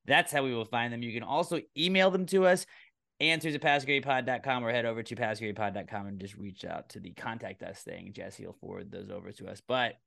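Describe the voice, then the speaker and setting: A man's voice: mid-range voice, brisk, creaky, fairly bright tone. A man hosting a casual comedy podcast, talking in a loose, rambling way and swearing now and then. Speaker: podcast host.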